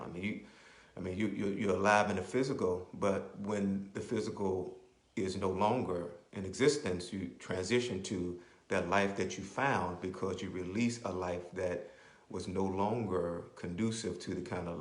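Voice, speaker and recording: A man preaching a sermon as a bishop, repeating phrases, checking in with "right?", and slowing down to explain scripture. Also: sits low. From Maryland, US. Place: church. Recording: roomy echo.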